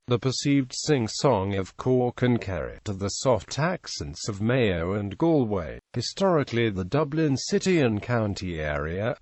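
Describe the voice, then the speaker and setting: A man's voice: medium pitch, darkish tone, no echo. A male synthetic narrator reading an encyclopedia article aloud. He reads the text literally and stumbles over phonetic notation.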